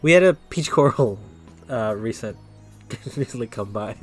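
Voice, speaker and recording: A man's voice: mid-range voice, expressive, measured pace, faint music behind. Chatty New man reading tarot. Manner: chatty, talks straight to chat viewers, loose and upbeat. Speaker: tarot reader and live streamer. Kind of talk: casual live-stream tarot reading.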